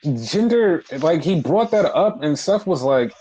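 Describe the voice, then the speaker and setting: Brief: excitable male podcast co-host, casual and profane, pitch leaps when quoting others. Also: measured pace, poor audio. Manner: animated, profane, acts out quotes. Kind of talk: casual wrestling chat.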